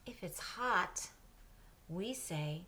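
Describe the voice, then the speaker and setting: A woman teaching Spanish to children, patiently saying words and pausing for her class to repeat them, mixing English and Spanish. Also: lowish voice, animated, sharp tone. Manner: patient, pauses for repetition. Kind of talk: slow drill lesson for children.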